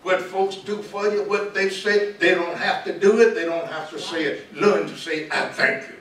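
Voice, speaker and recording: An older Southern preacher, a pastor and author, gives a preaching-style talk to students in a large auditorium. His high-pitched, creaky, fairly bright voice is emphatic, repeating key words and slowing down for stress. The distant mic picks up echo from the hall and light noise.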